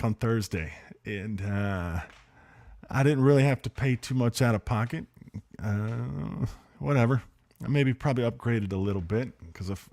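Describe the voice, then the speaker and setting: A man hosting a casual livestream, telling a story in a lively, excited way, with many fillers and restarts. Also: mid-range voice. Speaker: host.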